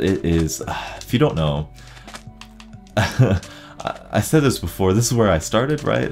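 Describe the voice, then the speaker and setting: A man hosting casual gameplay commentary, chatty and excitable, rambling as he plays. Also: extremely low pitch. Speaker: gaming channel host.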